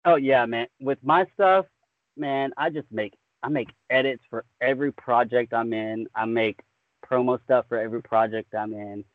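A man's voice: mid-range voice, moderate pace, no echo. A laid-back man with a Southern drawl who rambles in a friendly way through an interview. His voice sits mid-range and comes through dry and thin, as though carried over a phone line. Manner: easygoing, rambling, says "man" a lot. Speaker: guest. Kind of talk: casual podcast interview. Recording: tinny phone-like remote line.

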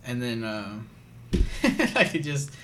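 A man's voice: mid-range voice, animated, slow, sharp tone. Male podcast host, casual profane storyteller, slight background hiss. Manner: loose, profane storytelling with frequent laughs. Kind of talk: casual chat.

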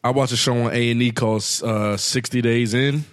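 Male podcast co-host, mid pitch, relaxed delivery, dry studio sound. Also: brisk, no room sound. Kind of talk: casual chat.

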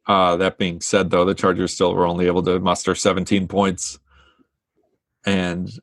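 A man co-hosting a podcast, relaxed casual sports chat, laughing often. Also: deep voice, moderate pace, no room sound. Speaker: podcast co-host.

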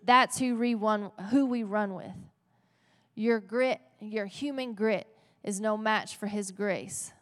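A woman's voice: medium pitch, slow pace. A woman pastor preaching a sermon in a playful, conversational way, often checking in with the congregation. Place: church sanctuary. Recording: long church reverb.

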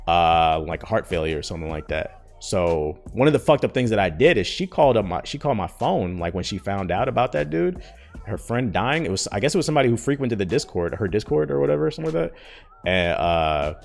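A man's voice: fairly low pitch, gravelly. A man in his thirties hosting a podcast, rambling and cursing freely as he vents in a candid, emotional way. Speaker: podcast host. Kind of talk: casual podcast monologue.

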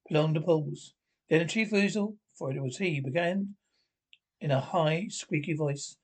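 A man's voice: a little high, unhurried, breathy edge, rough recording. A man reading a classic children's story aloud, with frequent slips and restarts. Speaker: reader.

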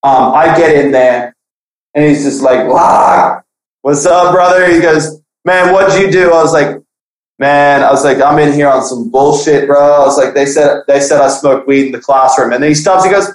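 A young man casually telling a profane school story on a podcast, animated, acting out the people he quotes. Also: a little high, normal speed. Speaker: podcast guest. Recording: echoey room.

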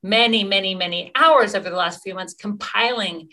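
Woman, middle-aged, interview guest, bright clear tone, earnest, restarts. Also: medium pitch. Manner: earnest, quick, with fillers and restarts. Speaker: activist guest. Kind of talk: interview answers.

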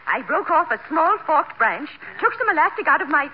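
An actress playing a prim, genteel society matron, speaking with refined, affected diction in a 1940s radio comedy. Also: female voice, high-pitched, big pitch swings, fairly quick, muffled recording. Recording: old radio recording with hiss.

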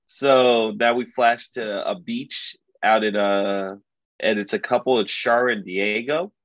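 Low-voiced man retelling a story. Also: slow, dry recording. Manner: animated, loose, full of "like" and "you know". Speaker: podcast co-host recapping a story. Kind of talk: casual storytelling chat. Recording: dull lo-fi dry recording.

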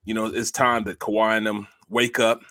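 A man's voice: lowish voice, level tone, normal speed, sharp tone, dry recording. A man co-hosting a sports talk show, telling stories animatedly and laughing often into a studio microphone. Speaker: sports radio co-host.

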